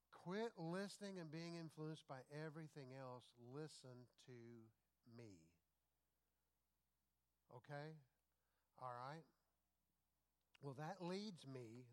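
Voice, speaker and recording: Middle-aged male pastor, slightly raised voice, animated conversational sermon delivery. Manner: lively, conversational preaching with rhetorical questions to the congregation; swings from loud emphatic bursts to low, quiet asides.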